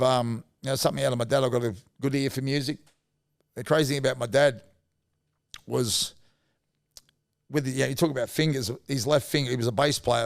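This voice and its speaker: A man's voice: mid-range voice, gravelly, no room sound, clean studio sound. A middle-aged Australian man, once a rugby league player, telling emotional stories in a rambling, heartfelt way as a podcast guest. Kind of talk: emotional storytelling in casual chat.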